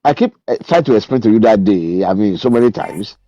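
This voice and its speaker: An older man with a Nigerian accent calling into a live stream, speaking haltingly and trailing off into restarts. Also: fairly low pitch, lively intonation, warm tone, dry recording. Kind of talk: casual live-stream argument. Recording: muffled lo-fi call line.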